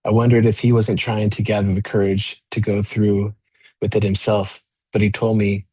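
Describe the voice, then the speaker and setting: A man with a fairly low voice reads from his own novel in a steady, measured way. The sound is dry and close. When he stops reading to talk, he stumbles a little and leans on fillers. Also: slightly rough, no echo. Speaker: author. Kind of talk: reading his own novel aloud, then casual remarks.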